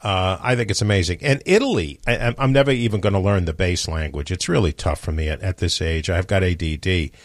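A middle-aged man with a New York accent, hosting a talk radio show in casual banter with quick joking asides. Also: deep voice, no room sound, clean studio sound. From New York City.

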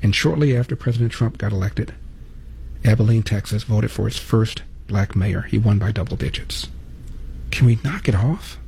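A man's voice: lowish voice, fairly even intonation, normal speed, creaky, mellow, husky. A man hosting a political commentary monologue, with pointed rhetorical questions. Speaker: commentary host.

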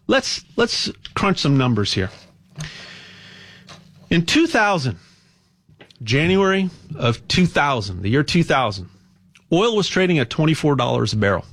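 A man hosting a show, talking in a rambling, impassioned monologue with a sales pitch and lots of stammered restarts. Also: big pitch swings, measured pace, long pauses, a bit bright. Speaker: radio show host.

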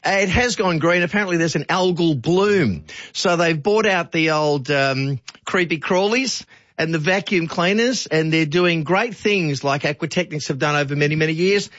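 A man's voice: fairly high pitch, normal speed, a bit bright, dull audio. A man with an Australian accent hosting a radio show in a chatty, jokey way, reading out listener texts. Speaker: radio host. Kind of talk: casual radio chat.

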